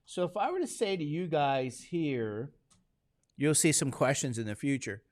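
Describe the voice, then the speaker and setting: A man's voice: on the high side, lively intonation, normal speed, darkish tone, dry recording, studio quality. A man teaching statistics to a classroom, talking casually and constantly quizzing his students with questions. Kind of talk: classroom lecture.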